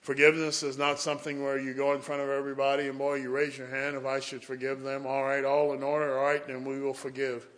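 A man's voice: medium pitch, monotone, fast, few pauses, a bit bright. A man preaching a sermon, telling folksy stories and often saying "boy".

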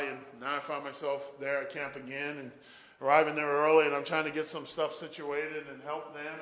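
A man telling a story in a sermon, acting out the voices of the people in it. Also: mid-range voice. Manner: animated storyteller, acts out quotes. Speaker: preacher. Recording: echoey hall.

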